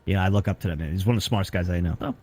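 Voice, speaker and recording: A man's voice: deep voice, racing, mellow, dry recording. A young man who is a guest on an interview stream, telling stories in a rambling, casual way. He repeats himself often and restarts his sentences as he goes along.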